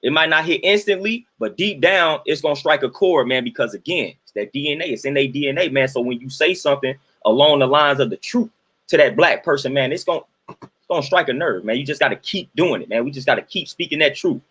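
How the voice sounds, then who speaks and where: Man, slightly high and husky, emphatic preachy livestream host. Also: fast talker, a bit bright. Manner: repetitive, emphatic, sermon-like cadence.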